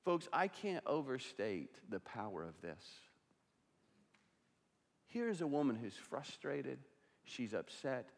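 A man preaching a sermon as pastor, swinging between loud passionate stretches and hushed, quiet ones. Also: medium pitch, sing-song, slow pace, creaky, pauses often. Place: church sanctuary. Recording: long reverb of a large hall.

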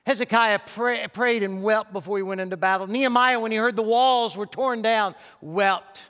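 A man preaching in a church auditorium, his high, bright voice carrying a long reverb through the hall. He tells stories with urgency, then drops soft and low as he pleads. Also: steady tone, moderate pace. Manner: impassioned storytelling, dropping soft and low for the altar call. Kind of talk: sermon.

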